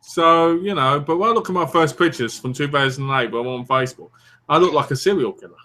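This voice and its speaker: A man's voice: a little high, fast talker, bright, forceful tone. A man from the East End of London, chatting casually as a podcast co-host and telling teasing, jokey stories. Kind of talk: casual chat.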